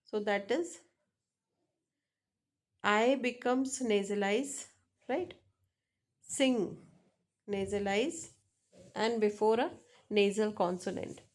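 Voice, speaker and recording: Slow-speaking woman teaching phonetics. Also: medium pitch. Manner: slow, halting, repeats example words many times. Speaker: English teacher. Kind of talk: phonetics lesson explaining examples.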